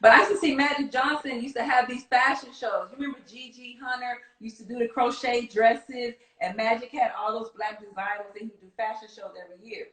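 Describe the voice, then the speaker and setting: Woman, Midwestern accent, fairly high voice, animated storytelling, echoey room. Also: brisk, few pauses. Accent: Midwestern American. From Kansas City, United States. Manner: animated, laughs often, acts out quotes. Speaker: casting director, guest. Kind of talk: storytelling interview.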